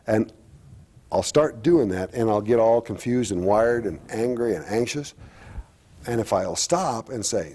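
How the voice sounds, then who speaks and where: A middle-aged man talking candidly as a guest, halting and reflective, with frequent restarts. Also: on the low side, expressive, dark tone. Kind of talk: candid personal talk-show conversation.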